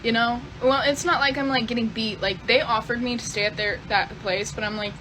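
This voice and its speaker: Young woman rambling thru a storytime, cusses constantly, kinda high voice, noisy hiss behind her. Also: steady tone, a little fast, few pauses. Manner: profane, rambling, fillers like "type beat". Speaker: storyteller in a clip. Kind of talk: casual storytime confession.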